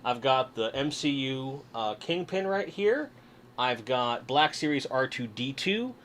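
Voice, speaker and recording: A man's voice: mid-range voice, sing-song, measured pace, fairly bright tone, slight background noise. A man hosting a casual livestream from his desk, chatting and joking with viewers while unboxing toys. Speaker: livestream host. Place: home room at a desk.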